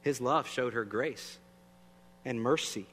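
A man's voice: mid-range voice, slow pace, a bit bright. Guy preaching casual-like, lots of questions to the crowd, faint hum under it in a big echoey church. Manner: conversational, asks the audience questions. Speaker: pastor. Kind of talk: sermon. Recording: long reverb, faint hum.

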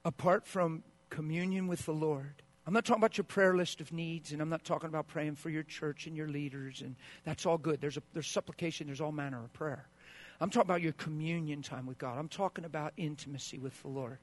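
A man's voice: a little high, fairly even intonation, a little fast. Impassioned man preaching a sermon. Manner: impassioned, swings from hushed to loud; acts out quoted voices of spouses. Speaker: pastor.

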